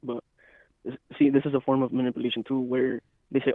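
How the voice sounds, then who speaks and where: A man joining a podcast as co-host, speaking in rapid, emphatic, profane casual chat. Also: medium pitch, level tone, no echo. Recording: tinny phone-like line.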